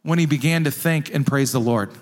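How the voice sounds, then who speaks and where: A man preaching a sermon to his congregation, his voice pitched high for a man. He talks emphatically and with energy, leaning on repetition to drive points home. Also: brisk. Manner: animated, emphatic preaching with repeated phrases. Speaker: pastor.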